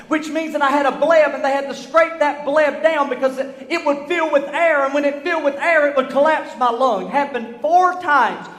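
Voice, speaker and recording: A middle-aged man, preaching a sermon in a church, building from storytelling to fervent shouts. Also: extremely high pitch, moderate pace, hardly any pauses. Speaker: pastor. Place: church sanctuary. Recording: echoey church hall.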